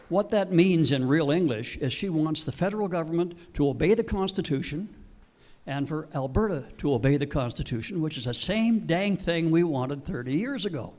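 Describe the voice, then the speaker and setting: A man's voice: a little high, a little mellow. A man speaking at a political town hall, giving an impassioned, emphatic speech. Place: public meeting hall.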